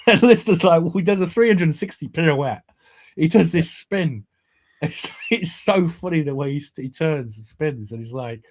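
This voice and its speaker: Animated man retelling comedy scenes. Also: mid-range voice, normal speed. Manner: animated retelling, quoting characters with laughs. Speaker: podcast co-host. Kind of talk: casual chat.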